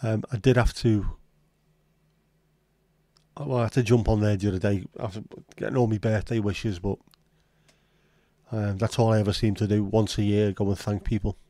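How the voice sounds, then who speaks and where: Sweary man, low mellow voice. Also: fairly even intonation, normal speed, pauses often, no room sound. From Liverpool, England. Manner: sweary, sarcastic banter. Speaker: livestream host. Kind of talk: casual livestream chat reading viewer comments.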